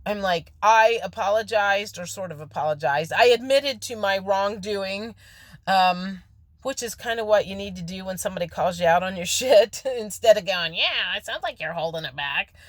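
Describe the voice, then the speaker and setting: A woman's voice: mid-range voice, moderate pace. A woman talks straight into her phone in a casual, candid vlog, telling stories and acting out everyone's lines. Her voice sits in a middle range. The sound is close and dry, with no room echo. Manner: chatty, candid, acts out quoted dialogue. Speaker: spiritual vlogger. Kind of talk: casual storytelling monologue. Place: office.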